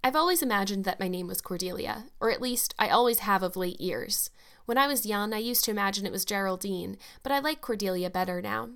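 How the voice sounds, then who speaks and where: Audiobook casting: a woman reading as a dreamy orphan girl of eleven, gushing and dramatic, pitched a little above the reader's own middle voice. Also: brisk, fairly bright tone, smooth, close to an everyday voice. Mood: eager.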